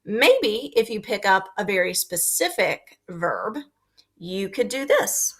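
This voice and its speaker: A woman teacher giving a recorded lesson to young children, speaking slowly and clearly and acting out her example sentences with lots of expression. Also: medium pitch, sing-song.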